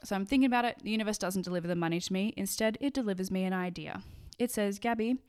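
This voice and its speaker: This podcast host is a fast-talking, foul-mouthed woman with a clear, resonant, medium-pitched voice. Her casual solo monologue is blunt and full of swearing. She animates it by performing quoted voices.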